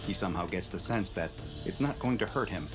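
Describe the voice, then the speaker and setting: A man reads a scripted horror tale at a measured, even pace, his voice pitched fairly low. Loud background music plays under his narration throughout. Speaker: narrator of the reacted video.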